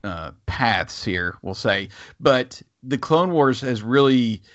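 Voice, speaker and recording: A man's voice: medium pitch, animated, slow pace, a bit bright, no echo. Man host, casual chat, easygoing, dry dull audio. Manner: easygoing, hesitant with fillers. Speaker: podcast host.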